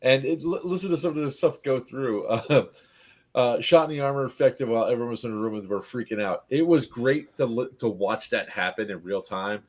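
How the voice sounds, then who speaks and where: A man recounting an airsoft-style event to friends in casual chat, laughing often and acting out what the players yelled. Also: mid-range voice, fairly quick. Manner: laughing storyteller, acts out players' lines. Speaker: event organizer recapping a game. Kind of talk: casual group chat recap.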